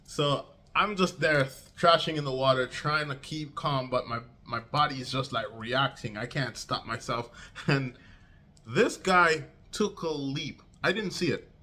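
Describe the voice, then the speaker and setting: Young man, vlogger, casual storytime, bright tense tone, animated acted-out quotes, slangy. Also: measured pace. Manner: animated, acts out quotes with big pitch jumps; slangy, swears freely.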